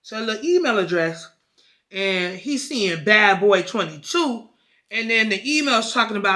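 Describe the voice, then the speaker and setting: A woman's voice: mid-range voice, expressive, normal speed, pushed and bright. A woman vlogger telling a story in a casual, slangy, profane way and chatting about a book. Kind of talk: casual vlog chat and book retelling.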